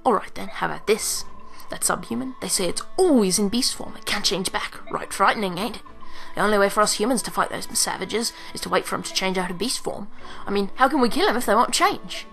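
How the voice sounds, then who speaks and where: A woman's voice: medium pitch, a little fast, gravelly, fairly bright tone, faint music behind, low-quality recording. A woman voicing a nosy commoner gossip in a game, with a whispery, conspiratorial, slangy manner. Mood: sly.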